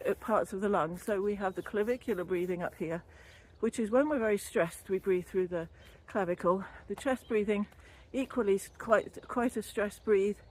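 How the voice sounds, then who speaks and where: This wellbeing vlogger, an older woman and former yoga teacher trainee, keeps up casual walking vlog chatter along a canal, slightly breathless, rambling and quick to laugh about wellbeing. Her mid-range voice is a little mellow and moves at a moderate pace with hardly any pauses. Sound comes only from a camera or phone's built-in mic.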